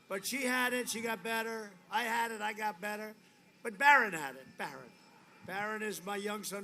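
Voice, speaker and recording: A man giving a rambling, boastful campaign rally speech, repeating his lines often, on a podium microphone outdoors. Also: high voice. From United States. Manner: boastful, repetitive, rambling asides. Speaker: political candidate. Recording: noisy outdoor rally feed.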